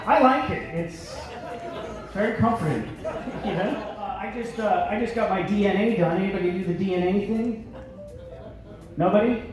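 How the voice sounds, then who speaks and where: Brash male comedian on a big stage, high voice, very reverberant hall, distant mic. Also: moderate pace, pauses often, over music. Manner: brash, switches into gruff Philly voices for bits. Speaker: stand-up comedian. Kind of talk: stand-up comedy set. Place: large theater stage with live audience.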